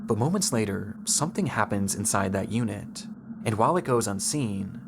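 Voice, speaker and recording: Low-voiced man narrating true crime. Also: expressive, background noise. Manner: measured, suspenseful delivery. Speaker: documentary narrator.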